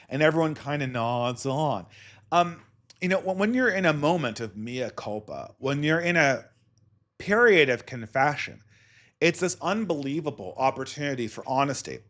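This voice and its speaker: A man's voice: a little high, lively intonation, moderate pace, a bit bright. A man hosting a solo podcast, giving sardonic, polemical commentary. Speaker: podcast host.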